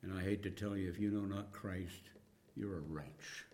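A man preaching a sermon, slow and dramatic, rising to loud cries and dropping to hushed whispers. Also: sits low, fairly even intonation, slight background noise.

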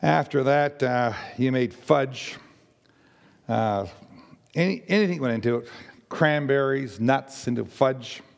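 Raspy older man telling his testimony. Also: medium pitch, long reverb tail. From Nova Scotia. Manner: rambling, halting storyteller with many fillers and restarts. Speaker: church member giving testimony. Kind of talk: personal testimony to a congregation.

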